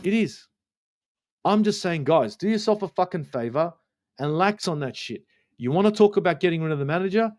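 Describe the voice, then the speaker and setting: A man's voice: sits high, expressive, a little fast, darkish tone. A man with an Australian accent, co-hosting a football fan stream and ranting bluntly with plenty of swearing. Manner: blunt, profane, worked-up. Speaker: co-host. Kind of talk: heated fan rant.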